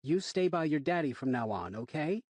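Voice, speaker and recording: A man's voice: fairly high pitch, very animated, moderate pace, darkish tone, no echo, pitched above the performer's own voice. A man voicing a friendly, joking woman in an audiobook, in a raised voice. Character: kindly woman dog walker.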